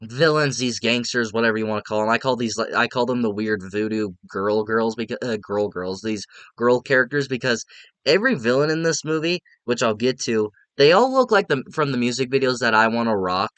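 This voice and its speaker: A man's voice: mid-range voice, fairly quick, a bit bright, smooth, dry recording. A man giving a casual, rambling spoken movie review, frank and often restarting his sentences.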